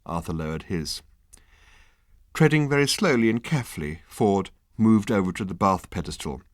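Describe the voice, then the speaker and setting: Brief: lively male audiobook reader, wry and deadpan, low voice, dry close sound. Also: moderate pace, dry recording. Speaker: audiobook narrator. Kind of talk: scripted narration.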